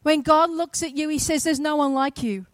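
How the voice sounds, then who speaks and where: A woman preaching a sermon, retelling a story with shifts from quiet to loud, emphatic passages. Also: sits high, steady tone, normal speed, no echo.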